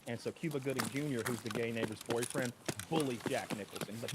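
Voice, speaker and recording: Man telling a story over loud noise. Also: mid-range voice, fast talker. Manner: animated storyteller doing loud put-on voices. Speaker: stream co-host. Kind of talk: casual chat.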